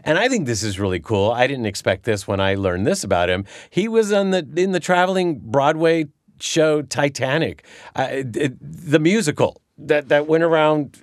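A man's voice: fairly high pitch, animated, normal speed, no room sound, studio quality. Enthusiastic male host introducing a guest. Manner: enthusiastic, loose, with fillers. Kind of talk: casual chat.

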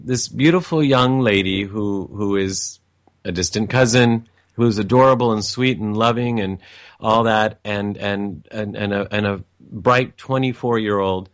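A man's voice: on the low side, no echo, clean studio sound. A man telling a personal family story in a reflective, meandering way, with frequent restarts and asides.

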